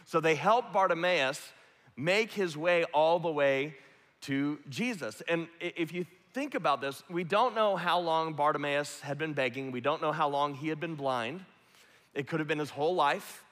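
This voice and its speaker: A man's voice: a little high, normal speed, sharp tone. A man preaching a sermon, retelling a story earnestly and vividly. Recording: long hall reverb.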